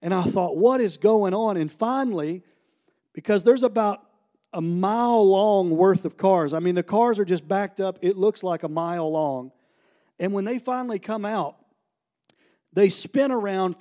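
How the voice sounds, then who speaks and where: Guest preacher, male, high pitch, warm tone, lively anecdote-driven sermon. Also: moderate pace. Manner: animated, joking anecdotes. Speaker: guest preacher, ministry founder. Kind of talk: storytelling sermon.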